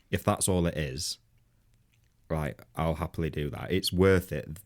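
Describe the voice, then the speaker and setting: A man's voice: low voice, a little mellow. A man co-hosting a comedy podcast, telling a rambling anecdote in casual banter, laughing often and swearing freely. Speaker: podcast co-host.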